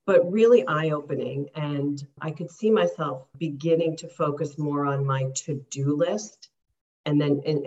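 A woman's voice: low voice, a little mellow. Earnest woman life coach, lo-fi sound. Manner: earnest, reflective. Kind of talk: interview answers.

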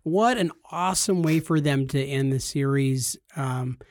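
A man's voice: medium pitch, unhurried, a little mellow. A man co-hosting a casual podcast chat, easygoing and agreeable, often answering with short affirmations. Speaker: podcast co-host.

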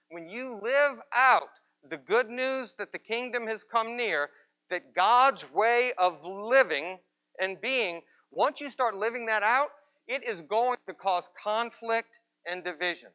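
A man's voice: high voice, expressive, measured pace, sharp tone, muffled recording. A man pastor giving a conversational sermon in church, asking rhetorical questions of the congregation. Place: church, with people present and some watching remotely.

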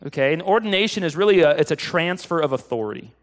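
Male preacher, fairly high voice, casual storytelling sermon delivery, lively when excited. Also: quick pace. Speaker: pastor.

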